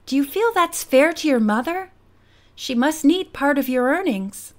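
A bold teenage girl detective from a storybook mystery, friendly and encouraging. A woman reads her in a high, clear voice, coaxing and reassuring. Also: expressive, measured pace.

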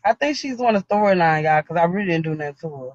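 A man's voice: on the high side, animated, fast talker, no echo, muffled recording. A man hosting a casual livestream chat, complaining over and over in an exasperated way and laughing often. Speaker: livestream host.

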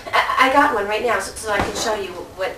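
A woman doing a playful mock-sales pitch in a comedy sketch, often laughing. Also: fairly quick, roomy sound, recorded from a distance, noisy background. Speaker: comedic infomercial presenter.

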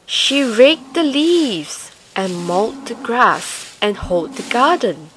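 A woman reading a children's picture book aloud, slow, sing-song and expressive. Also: on the high side, slight background noise. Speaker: storyteller.

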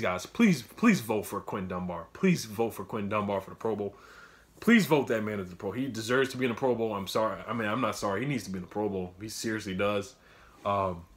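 A young man giving a casual, emotional fan recap, full of fillers and repeats, swinging between loud outbursts and quiet muttering. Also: on the low side. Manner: filler-heavy, repeats himself. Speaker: sports fan commentator. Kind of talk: casual fan reaction monologue.

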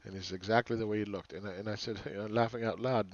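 A man's voice: lowish voice, steady tone, fast, dull audio. A man hosting a market commentary channel, ranting sarcastically with exasperation and repeating phrases for emphasis. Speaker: market analyst host.

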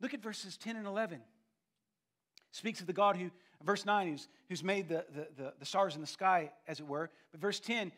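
A male pastor with a high, bright voice preaches in a church sanctuary. He hammers key phrases, stumbles and repeats words as he builds, then falls to slow, hushed lines. The tone is forceful and ringing. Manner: emphatic preaching with frequent repetitions and restarts; swings between loud emphasis and hushed, slowed phrases. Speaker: senior pastor. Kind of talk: sermon.

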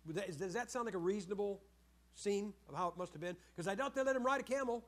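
A man preaching a sermon in an animated storytelling way, asking his listeners questions and acting out the voices of the people in the story. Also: sits high. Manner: animated storytelling, asks the audience questions, acts out quoted voices.

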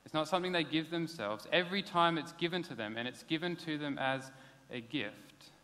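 A pastor, preaching a sermon in a casual, conversational way. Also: male voice, fairly high pitch, fairly quick, pushed and bright. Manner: conversational, plain-spoken preaching with casual asides. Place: church hall. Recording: long hall reverb.

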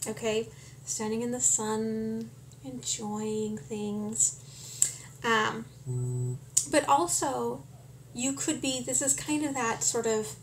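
A woman talks through a tarot reading with a slightly high voice. She is very slow and calm and keeps checking in with "okay?". A faint hum of noise sits behind her. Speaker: tarot reader.

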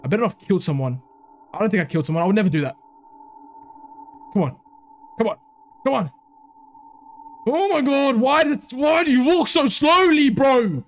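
A man's voice: extremely high pitch, big pitch swings, normal speed, pauses often. A young man giving panicky, swearing commentary while playing horror games, jumping between fear and mocking jokes. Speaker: gaming video creator.

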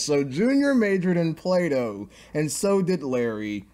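A man with a slightly high voice rants through a cartoon review. His delivery is sarcastic and exasperated, mocking each scene as he goes. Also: sing-song, measured pace, few pauses, darkish tone.

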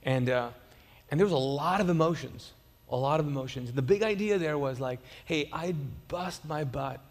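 A man's voice: a little high, a little fast. Conversational male pastor in a reverberant hall. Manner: conversational, repeats words and restarts, storytelling. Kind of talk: sermon. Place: church auditorium.

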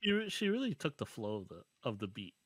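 A man's voice: mid-range voice, sing-song, quick pace, crowd noise. A man co-hosting a music reaction video, chatting casually in a teasing way with lots of fillers. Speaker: reaction co-host.

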